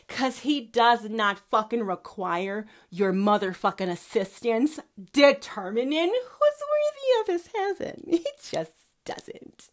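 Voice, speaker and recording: A woman's voice: a little high, expressive, slow. A woman host delivering an impassioned, profane, preachy monologue. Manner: profane, fiery preachy ranting. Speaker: podcast host.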